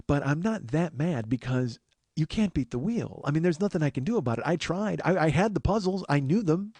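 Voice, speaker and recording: A man in his forties telling a comic story on his podcast, animated and profane, bursting into shouts when he quotes himself. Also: fairly high pitch, brisk, no echo. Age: 40s. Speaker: podcast host.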